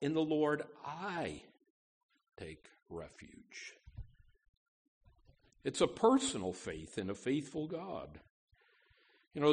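A man preaching a sermon as pastor of his church, emphatic and deliberate, with frequent "you know" asides. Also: a little high, a bit bright.

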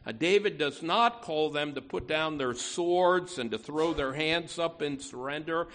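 A man preaching a sermon, often saying "you know", who slows down and swells when he reads Scripture aloud. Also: a little high. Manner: lively preaching with frequent "you know" fillers and emphatic repeats. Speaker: pastor.

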